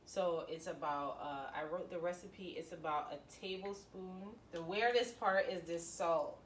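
A woman's voice: fairly low pitch, unhurried, reverberant, distant mic, a little hiss or hum. A young woman vlogging in a casual, chatty and dramatic way, talking straight to her viewers. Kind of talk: casual vlog chat.

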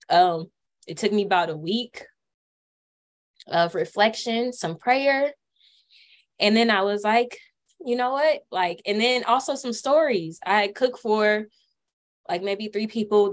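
A young woman, a caterer, speaking candidly at a community workshop panel and often stopping to restart her sentences. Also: on the low side. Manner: earnest, candid, with halting restarts. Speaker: caterer and business owner. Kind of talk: panel discussion storytelling.

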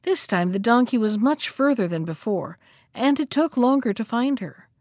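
A woman reading a folktale aloud as a storyteller, lively in the quoted lines. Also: on the high side, normal speed, no room sound, clean studio sound. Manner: expressive, acts out the characters' lines.

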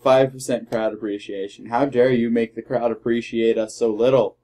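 A man doing let's play commentary, trash-talking his opponents and shouting battle cries. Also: mid-range voice, little pitch movement, moderate pace. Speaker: gamer.

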